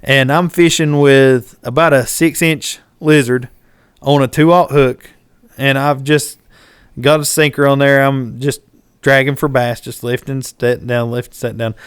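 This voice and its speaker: A man, hosting a podcast and telling a fishing story in casual chat, animated and acting out what people shouted. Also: mid-range voice, a little slow, clear, resonant tone, no room sound, studio quality. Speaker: podcast host.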